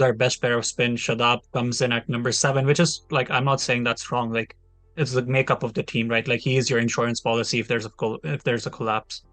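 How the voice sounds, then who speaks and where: A man's voice: medium pitch, a bit bright, dry recording. A man in his twenties, a podcast panelist giving a long, heated, opinionated take in casual discussion. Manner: opinionated, talks at length, heated.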